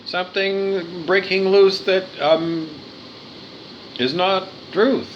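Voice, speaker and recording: Man, high voice, unhurried, earnest spiritual monologue, repetitive. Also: steady tone, lo-fi sound, a little hiss or hum. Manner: earnest, repetitive, with stumbles and restarts.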